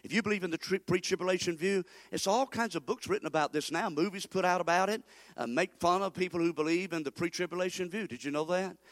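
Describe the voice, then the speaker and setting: A man's voice: high-pitched, fast talker. A male pastor preaching an emphatic sermon and having the congregation repeat phrases after him. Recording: long hall reverb.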